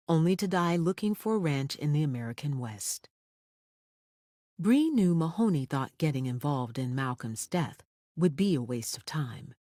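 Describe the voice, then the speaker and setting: An audiobook narrator reading a thriller in a measured, expressive storytelling manner on a close studio mic. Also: mid-range voice, no room sound.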